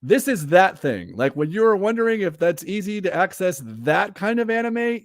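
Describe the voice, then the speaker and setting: Animated chatty man, lively pitch. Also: moderate pace, hardly any pauses, no echo, clean studio sound. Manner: animated, filler-heavy, laughs often. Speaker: podcast co-host. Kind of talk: casual chat.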